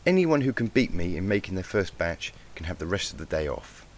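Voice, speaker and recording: A man's voice: low voice, sing-song, fairly quick, a little hiss or hum. A man voicing a kindly, confident mare cooking teacher in a storybook reading who fusses and calls her students dear. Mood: cheerful.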